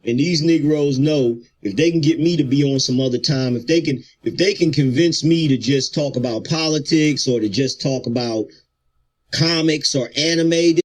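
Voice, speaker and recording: A man with a fairly high voice boasts and rants defiantly on his own stream. He talks in bursts, heard as a clip being played back. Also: normal speed.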